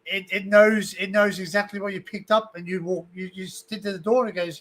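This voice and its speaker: High-voiced man telling stories. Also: fairly quick. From Australia. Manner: animated storyteller, swears freely. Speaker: livestream host. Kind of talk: casual chat. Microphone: video call panel.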